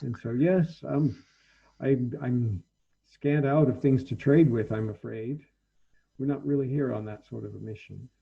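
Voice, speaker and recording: A man's voice: mid-range voice, unhurried, gravelly, dark tone, slightly rough, dull audio. A man voicing a shrewd woman ship captain who talks in a wry, guarded way.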